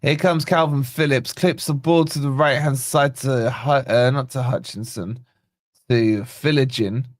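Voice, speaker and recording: A man hosting a live football watch-along, calling the play and greeting viewers by name in a chatty, excitable way. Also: mid-range voice, unhurried, no echo, clean studio sound. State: yawning, tired. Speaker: fan channel host.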